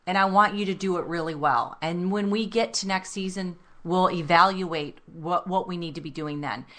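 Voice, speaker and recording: A woman's voice: on the low side, moderate pace, pushed and bright. A woman co-hosting a self-help talk show, speaking earnestly and reflectively and addressing listeners directly. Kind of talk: motivational talk radio chat.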